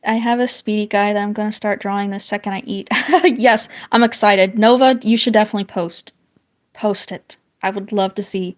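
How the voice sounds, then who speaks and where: A woman's voice: mid-range voice, fairly even intonation, normal speed. Woman, 30s, from the northern US; casual streamer who reads chat aloud, rambles and restarts often. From northern United States. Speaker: streamer chatting with viewers while drawing.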